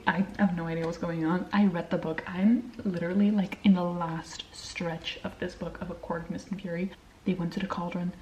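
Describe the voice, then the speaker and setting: A young adult woman chatting in a casual reading vlog, excitable and swearing freely, often dropping into hushed whispers. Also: mid-range voice, a little hiss or hum, rough recording. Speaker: book vlogger.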